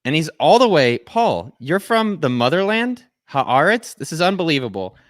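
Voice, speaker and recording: American male host, higher voice, very dry close sound, hypes up chat. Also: moderate pace, no echo. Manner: energetic, jokey, rambling. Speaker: live show host. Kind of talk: hyped livestream hosting. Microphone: video call.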